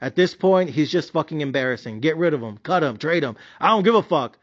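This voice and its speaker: A man's voice: fairly high pitch, animated, fairly quick, highs cut off. A man giving a blunt, profane, slangy rant reviewing his sports bets. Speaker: sports betting commentator.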